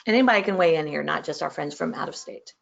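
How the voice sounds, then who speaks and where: A woman's voice: sits low, fast talker, vocal fry. A woman from San Antonio, presenting a legal training webinar in a chatty, joking way. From San Antonio, Texas. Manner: chatty, self-deprecating, joking. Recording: slightly muffled online audio.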